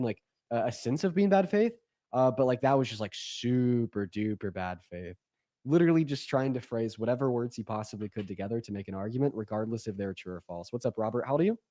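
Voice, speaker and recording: A young man hosting a live-stream debate, talking fast and bluntly with lots of fillers. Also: mid-range voice, mellow, no room sound, clean studio sound.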